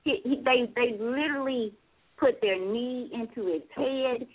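A woman hosts an internet talk radio show over a thin, phone-like line. Her slightly high voice is husky. She thinks aloud and restarts her sentences often. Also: unhurried. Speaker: host.

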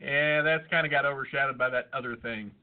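A podcast host swaps crude, irreverent, profane jokes in casual banter, his medium-pitched voice steady and fairly quick. The audio sounds tinny, like a phone.

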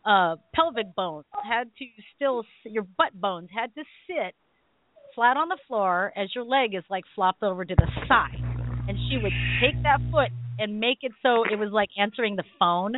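A middle-aged woman hosting a call-in radio show, telling stories in an animated way and laughing often. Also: mid-range voice, moderate pace, slight background noise. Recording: tinny phone-line sound.

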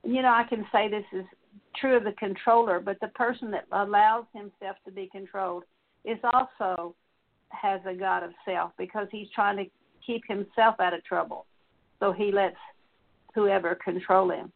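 A woman leads a guided prayer of repentance as part of a sermon, going through confessions slowly in a long repeated list. Her voice is gravelly and stays level, with little rise and fall. It comes through a thin, phone-like recording. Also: mid-range voice, steady tone. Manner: slow, repetitive listing of confessions. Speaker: teacher leading prayer.

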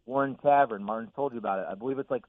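A man's voice: medium pitch, rapid-fire, no echo. Chatty man on a tinny phone line. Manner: chatty storyteller, laughs easily. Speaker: guest. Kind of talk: casual sports talk by phone.

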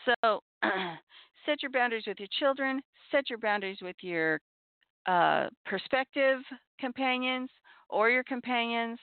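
Gravelly-voiced woman, tinny dry audio. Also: on the high side, animated, dry recording. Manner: earnest, measured, repeats key points. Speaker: podcast host on abuse recovery. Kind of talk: reflective advice talk.

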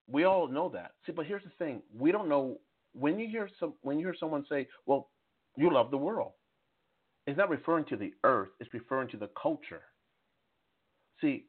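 A man in his fifties speaks fervently over a phone line, his voice squeezed thin and tinny. He sits at a middling pitch and keeps circling back, repeating words and restarting his sentences. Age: 50s. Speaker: participant. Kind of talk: preachy call-in talk. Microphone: phone call.

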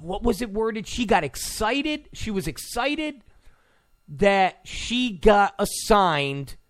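A man's voice: sits high, a bit bright. A man ranting sarcastically as a political commentator, mocking and full of insults.

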